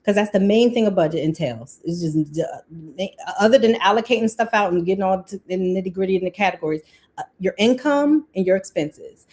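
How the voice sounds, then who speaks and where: A woman, hosting a casual live-stream budgeting talk, chatty and quick to laugh, breaking off her own sentences. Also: medium pitch, lively intonation, darkish tone. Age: 40s. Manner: chatty, laughs often, self-interrupting. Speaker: livestream host.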